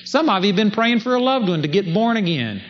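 A man's voice: high voice, sing-song, fast talker. A man preaching a sermon, telling stories and acting out the prayers he quotes. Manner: storytelling, acts out quoted prayers in a raised voice. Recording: dull lo-fi recording with faint ambience.

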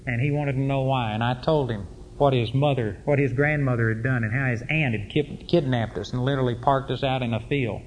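A man's voice: mid-range voice, fairly quick, a little hiss or hum. A middle-aged man preaching a sermon, telling personal stories in a folksy, emphatic way. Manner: folksy, emphatic storytelling with rising intensity. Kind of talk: sermon storytelling.

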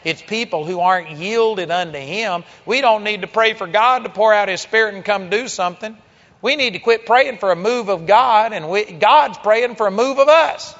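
A male preacher with a high voice delivers a sermon, swinging from hushed passages to loud, driving exhortations. The recording is dull and muffled, with a long echo trailing off the walls of a large church. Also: moderate pace. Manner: forceful, emphatic preaching with sudden loud exhortations.

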